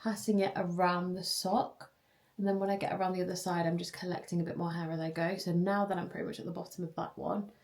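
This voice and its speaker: A woman's voice: fairly low pitch, reverberant. Chatty young woman vlogging. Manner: chatty and giggly, quick bursts of excitement. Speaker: vlogger and personal trainer. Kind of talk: casual vlog chat.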